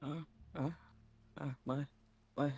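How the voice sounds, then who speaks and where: A wounded winged sibling, devoted and shaken, played by a woman. The voice sits low and keeps slipping into stammers and near-whispers. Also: level tone, slow pace, a little hiss or hum. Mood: flustered. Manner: stammering, hushed, breaking into whispers. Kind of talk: voiced roleplay in a game.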